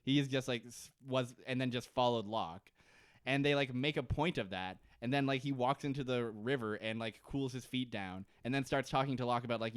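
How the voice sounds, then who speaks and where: Clear and resonant, this man's mid-range voice comes through in studio quality with no echo. As a podcast co-host, he recaps a TV episode casually, rambling, laughing frequently and joking readily.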